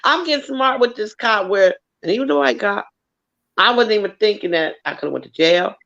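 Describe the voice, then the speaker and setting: A woman tells a story in relaxed, casual chat, her voice gravelly with fry. She talks in an animated way and swears freely, and the audio sounds dull and lo-fi. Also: mid-range voice, brisk. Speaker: co-host.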